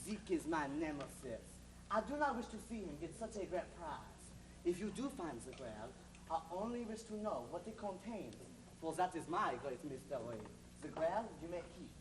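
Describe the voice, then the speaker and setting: A hammy mock-French informant, played by a woman on stage, sliding between a put-on French accent and a put-on German one with a lively, swooping voice. The sound is roomy and comes from far off the mic, with steady noise underneath. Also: on the low side, normal speed, natural voice. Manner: hammy, theatrical. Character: woman playing a fickle fake-French informant. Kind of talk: amateur stage comedy.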